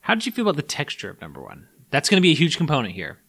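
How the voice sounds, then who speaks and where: Bright-voiced rambling man. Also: a little high, very fast. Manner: animated, rambling, swears. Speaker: podcast co-host. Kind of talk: casual chat.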